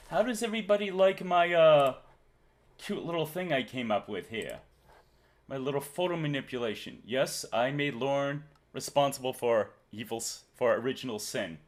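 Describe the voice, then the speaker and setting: A man hosts a live stream in loose, joking chat, reading his viewers' messages aloud. His pitch moves lively up and down, and he laughs easily. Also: moderate pace. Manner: jokey, reads chat aloud, laughs often.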